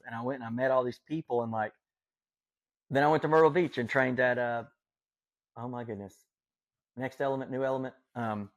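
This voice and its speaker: Man, Southern Appalachian accent, eager casual storytelling, mid-pitched voice, dry close sound. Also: no room sound. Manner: enthusiastic, folksy, lots of fillers. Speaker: podcast guest.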